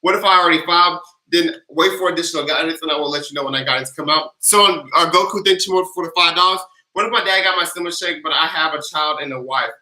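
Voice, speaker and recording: A man hosting a casual livestream Q&A, reading viewer questions and answering with energetic, playful hype. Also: fairly high pitch, fast, hardly any pauses, echoey room, rough recording. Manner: energetic, hyped chant leader, loud and playful. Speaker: livestream tax advice host.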